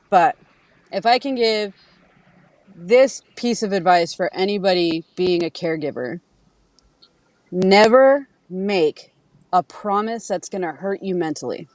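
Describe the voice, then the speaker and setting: A woman's voice: mid-range voice, no echo. A woman talking as a podcast guest in casual conversation, telling candid stories, acting out what people said and swearing freely. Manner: candid storytelling, acts out quotes, swears freely.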